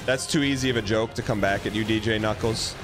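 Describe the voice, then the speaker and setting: A man streaming a game and chatting casually with his audience. He talks in a quick-witted, teasing way, trading jokes with his chat. Loud game music plays steadily behind his voice. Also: fairly low pitch, fairly even intonation. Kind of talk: casual live-stream chat while gaming.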